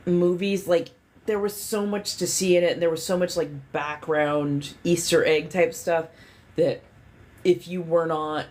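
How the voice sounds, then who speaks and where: A woman's voice: low voice, steady tone, normal speed, darkish tone. A woman hosting a livestream in casual chat. She rambles candidly, swears freely and leans on lots of fillers. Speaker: livestream host.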